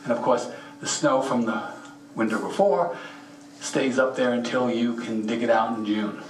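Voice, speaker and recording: At a rock and mineral show, a male presenter walks a meeting-room audience through slides in a plainspoken, folksy manner, giving practical advice directly. His ordinary middle-pitched voice moves at normal speed, recorded from well back in an echoey room.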